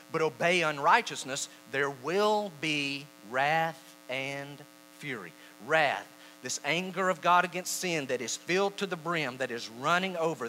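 A man preaching a sermon, reading scripture slowly and acting out the quoted voices with animation. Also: medium pitch, pushed and bright, slight background noise, rough recording. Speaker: pastor.

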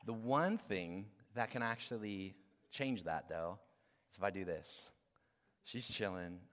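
Conversational preacher in a reverberant hall. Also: male voice, medium pitch, lively intonation, normal speed. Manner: conversational, swings from loud to hushed. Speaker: guest pastor. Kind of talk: sermon. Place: church hall. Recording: long reverb of a large hall.

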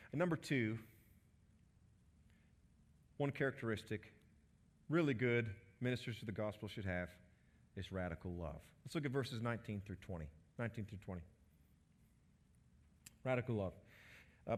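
A middle-aged man preaching with earnest conviction, his voice at an ordinary pitch for a man. He often jumps up in pitch and volume for emphasis, then sinks to soft, low endings. His delivery is warm with belief and built for a congregation. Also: lively intonation, moderate pace, pauses often. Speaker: pastor. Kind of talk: sermon.

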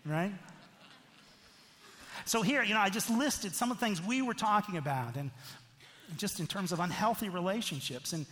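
A man's voice: high-pitched, lively intonation, moderate pace, pauses often, fairly bright tone, in a large hall. A middle-aged man preaching a sermon as a pastor, in a conversational way that keeps checking in with the listeners. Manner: conversational, frequent "right?" asides.

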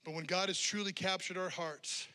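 High, bright-voiced male preacher. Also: steady tone, normal speed. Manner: builds intensity with repeated rhetorical questions. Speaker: pastor. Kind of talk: sermon.

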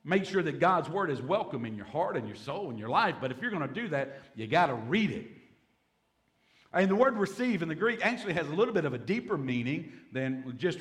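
Folksy pastor preaching. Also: male voice, on the high side, fairly bright tone. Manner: folksy, with humorous asides and acted-out quotes. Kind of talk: sermon Bible teaching.

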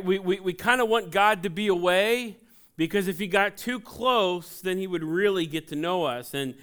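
A man in his forties from Ohio preaching a sermon in a church, conversational and joking, telling animated personal stories. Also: sits high, clean tone. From Ohio, USA. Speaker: pastor. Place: church sanctuary.

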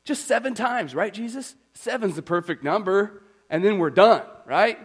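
Man voicing an exasperated, pleading fisherman, pitched high, incredulous. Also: expressive, moderate pace, husky. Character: exasperated male fisherman disciple, bargaining.

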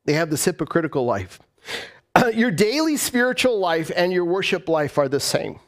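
A man preaching a conversational sermon, animated and full of rhetorical questions, often repeating his phrases for emphasis. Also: high voice, normal speed. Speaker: pastor.

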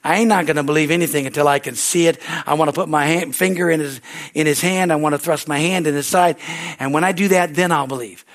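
A man's voice: a little high, fast talker, close to an everyday voice. A man playing a stubborn doubter who insists on seeing proof first.

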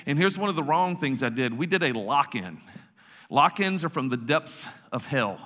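Joking youth pastor in a hall. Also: male voice, on the high side, expressive, normal speed, bright, forceful tone. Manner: joking, self-deprecating, rambling with restarts. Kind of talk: casual sermon with storytelling.

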